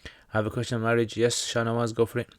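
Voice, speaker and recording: A man's voice: mid-range voice, completely flat delivery, fast talker, dry recording, studio quality. A man with a British accent who teaches Islam, casually answering viewer questions on a livestream in a chatty, joking way with many fillers.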